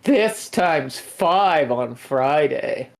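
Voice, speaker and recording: A man's voice: fairly high pitch, lively intonation, drawn-out words, gravelly. A man joining a game stream as a guest, making wry, teasing remarks in casual chat. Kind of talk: casual let's-play chat.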